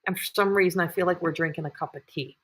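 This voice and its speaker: A woman's voice: fairly low pitch, fairly even intonation, fast talker, fairly bright tone, breathy edge. A woman hosting live intuitive readings, talking in a rambling, repetitive way with many fillers and restarts. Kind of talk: live-streamed psychic reading.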